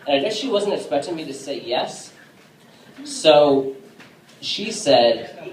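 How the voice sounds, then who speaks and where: A man performing a casual stand-up set on a bar stage, with a halting delivery full of fillers. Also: fairly high pitch, expressive, a little hiss or hum. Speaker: stand-up comedian. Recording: echoey room from a distance.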